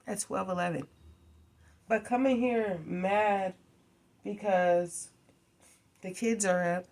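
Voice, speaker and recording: A woman's voice: mid-range voice, fairly even intonation, slow, a little mellow. Exasperated woman venting to camera. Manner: exasperated, rambling, rhetorical questions. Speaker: vlogger.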